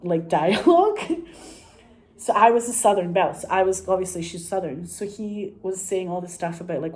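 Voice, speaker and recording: Laughing, foul-mouthed woman with a mellow voice. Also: fairly low pitch, moderate pace. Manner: animated and profane, laughing often, rambling. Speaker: actress. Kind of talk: casual anecdote.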